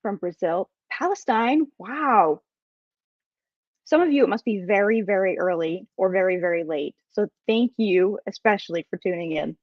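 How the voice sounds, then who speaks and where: A woman guest-hosting a live podcast, bubbly and excitable, greeting viewers with lots of exclamations. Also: medium pitch, moderate pace, no room sound. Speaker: guest host. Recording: dry, slightly dull sound.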